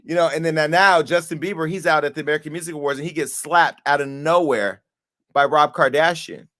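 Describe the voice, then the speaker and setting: A man hosting a talk show, commenting on interview clips and spinning animated, profane stories. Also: on the high side, a little fast. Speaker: show host.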